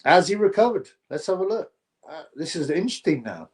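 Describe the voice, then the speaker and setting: A man hosting a live stream, chatting to viewers and reacting excitably to a fight. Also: a little high, a little fast. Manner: chatty, excitable, slangy, talks to chat viewers.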